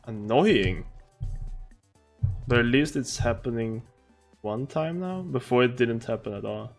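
Slow-talking man with a lively, swinging voice. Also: medium pitch, creaky, soft background music. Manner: explaining while testing, laughs often. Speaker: game developer streaming his work. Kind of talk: casual stream chat.

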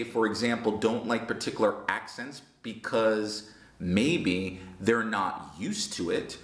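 A man's voice: lowish voice, animated, slow pace, fairly bright tone. A man teaching English, answering a viewer's question in an earnest, emphatic way with many rhetorical questions. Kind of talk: talking-head lesson answering a viewer question. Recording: roomy echo.

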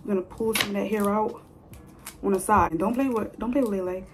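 A woman's voice: medium pitch, fast, soft background music. A woman in her twenties chatting casually to viewers while styling a mannequin's hair, playful and talkative, recorded on a phone. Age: 20s. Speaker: hair vlogger. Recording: phone video with faint noise.

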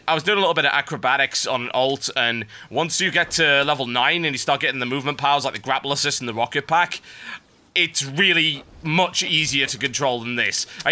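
Sardonic man, bright and lively. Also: mid-range voice, a little hiss or hum. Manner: sardonic, animated, wry complaints. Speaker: gameplay commentator. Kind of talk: let's-play commentary.

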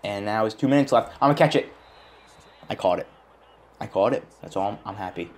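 A young man with a fairly low voice, narrating his football video game with rising frustration. He talks straight into a desk mic, swinging from muttering to shouting. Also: fast. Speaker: gaming YouTuber. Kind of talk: gameplay commentary.

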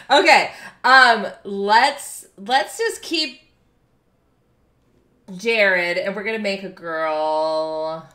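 A woman's voice: medium pitch, takes it slowly, bright, forceful tone, roomy sound. A woman streaming a game live, chatting with her viewers, thanking them and laughing often. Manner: bubbly, reads and thanks chat, laughs often. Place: home room.

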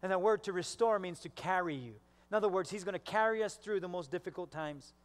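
A man's voice: high-pitched, fast, long reverb tail. A male pastor preaching a sermon, telling stories and acting out the voices of the people in them. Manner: storytelling, acts out quoted voices.

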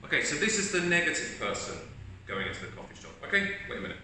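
A man's voice: a little high, big pitch swings, quick pace, sharp tone, a little hiss or hum. A man giving a chatty, encouraging self-help talk to camera as host, recorded in an echoey room from a distant mic. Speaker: video host.

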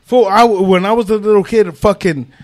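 A man, a podcast guest, bragging in casual chat and telling quick, laughing stories about himself. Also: high voice. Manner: boastful, quick, laughing storyteller. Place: podcast studio.

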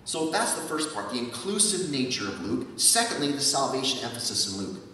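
Here a pastor delivers a sermon in a mid-range voice that swings widely in pitch, speaking fairly quickly with a pushed, bright tone. Rhetorical questions and repeated key words drive his emphasis, recorded from a distance in an echoey church sanctuary with slight background noise.

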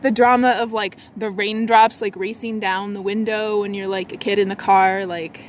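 A woman chatting casually in a vlog, rambling with lots of likes and restarts, swinging between a low lazy voice and a bright high one. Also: slight background noise. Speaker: vlogger.

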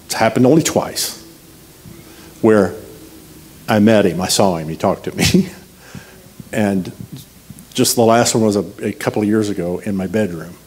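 A man with a somewhat low voice delivers a sermon as a guest preacher. He talks in a relaxed, conversational way, weaving personal stories with humor. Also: a little hiss or hum. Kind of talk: storytelling sermon.

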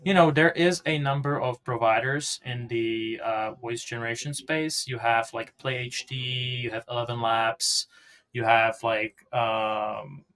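Man, podcast guest, casual technical explanation, rambling delivery, mid-pitched voice. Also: steady tone, unhurried, fairly bright tone. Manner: explanatory, with loose, rambling phrasing. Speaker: podcast guest, software developer. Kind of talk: casual technical interview talk.

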